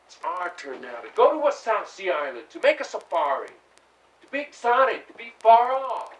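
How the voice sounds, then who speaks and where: A man's voice: sits high, sing-song, normal speed, a bit bright, far from the mic, low-quality recording. A man playing a restless, brooding young son. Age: young adult. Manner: intense, brooding, bursts of feeling. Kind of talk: stage play scene.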